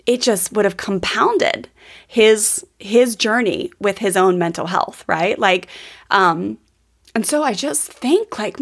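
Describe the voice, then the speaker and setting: Slow and gravelly in a mid-range voice, this woman in her thirties hosts a podcast where she tells personal stories. It's an earnest, heartfelt storytelling monologue, full of fillers.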